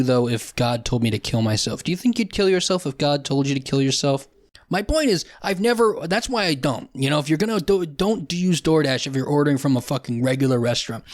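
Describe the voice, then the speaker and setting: A man's voice: fairly high pitch, no room sound. Ranting young man, dry close sound. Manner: profane, ranting, sarcastic, with frequent restarts. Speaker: podcast host. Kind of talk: solo comedy podcast rant.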